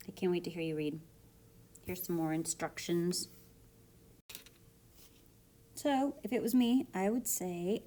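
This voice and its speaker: A woman teacher giving reading instructions to kids and reading a storybook aloud in an expressive, sing-song way. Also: on the low side, slow pace, long pauses, slight background noise. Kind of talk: recorded reading lesson with a read-aloud.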